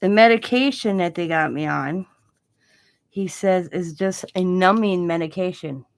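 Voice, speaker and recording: A woman's voice: fairly low pitch, unhurried, no echo. A woman hosting a casual craft live stream, chatting and telling stories in a rambling way while she works. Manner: rambling, chatty storytelling with laughs. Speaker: craft channel host.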